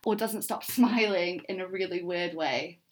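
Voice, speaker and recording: A young woman hosting a frank, casual podcast chat, with dry, deadpan humour. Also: fairly low pitch, normal speed. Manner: frank, wry, deadpan jokes. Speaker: podcast host.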